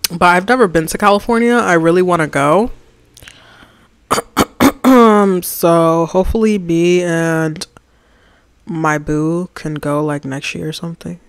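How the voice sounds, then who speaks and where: A livestreamer chatting casually while designing, slangy and animated, reading and answering the chat and ranting about opinions. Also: medium pitch, measured pace, pauses often, smooth, no echo.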